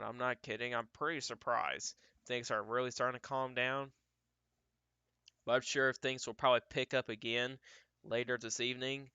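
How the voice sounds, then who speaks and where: A man giving casual live weather commentary as he tracks storms, thinking aloud in an unhurried way with frequent restarts. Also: medium pitch, pushed and bright, clean tone, no echo.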